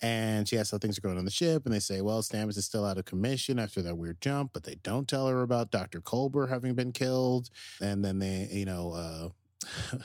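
A man's voice: lowish voice, fairly quick, a little mellow, no room sound, studio quality. A man co-hosting a podcast, casually recapping an episode in a rambling way, full of fillers and acted-out quotes. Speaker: podcast co-host.

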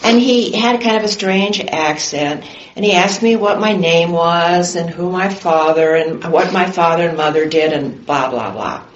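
An older woman recounting a personal memory in an oral history interview, pausing with fillers as she tells the story. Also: fairly low pitch. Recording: roomy, dull lo-fi recording.

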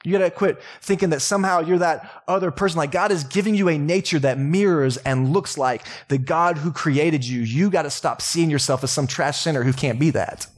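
A young adult man with a Texan accent, preaching a sermon as pastor in a relaxed, joking, conversational way. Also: a little high, brisk, hardly any pauses. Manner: casual, joking, conversational preaching with laughs and asides. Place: church sanctuary.

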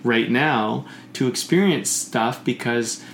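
A man talking in casual conversation, rambling and animated, often swearing and acting out the voices he quotes. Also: medium pitch, slow, vocal fry. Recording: echoey room with faint noise.

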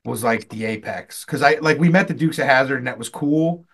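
A man co-hosting a podcast, telling convention stories in a loose, animated way, swearing and jumping up loud when he quotes himself. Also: mid-range voice, brisk, vocal fry. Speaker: podcast co-host. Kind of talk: casual storytelling chat.

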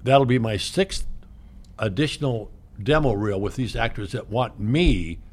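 A man's voice: mid-range voice, a little slow. Older male actor, radio guest, rambling storyteller who repeats himself. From Greek heritage. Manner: storytelling, repeats words, laughs at own jokes. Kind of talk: casual radio talk. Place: radio studio.

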